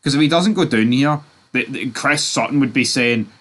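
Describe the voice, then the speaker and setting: A man's voice: mid-range voice, moderate pace, fairly bright tone. A man, ranting about football in a reaction vlog, swearing and talking in fired-up bursts. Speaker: football vlogger.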